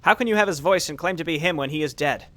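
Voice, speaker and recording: A stern, suspicious paladin leader in a strategy game, read out plainly by a man. The voice is fairly high, bright and forceful. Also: fast talker, lightly acted.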